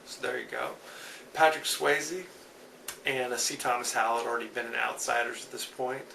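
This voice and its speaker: A man's voice: mid-range voice, normal speed, vocal fry, sharp tone. A man hosting a solo movie review podcast, talking casually with dry, wry asides. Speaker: podcast host. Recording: echoey room, distant mic, faint hiss.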